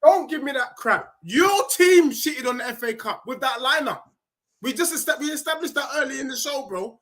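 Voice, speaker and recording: A man's voice: very high-pitched, expressive, moderate pace, fairly bright tone. A man in a heated football debate on a video call, insistent and repeating himself to get a word in. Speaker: football podcast guest.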